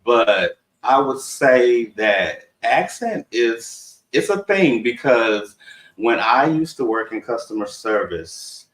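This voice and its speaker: A man's voice: medium pitch, lively intonation, takes it slowly, a bit bright, echoey room, far from the mic, low-quality recording. A man from Texas with a Southern accent, chatting casually and rambling as co-host of a live discussion. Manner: rambling, conversational, laughs often.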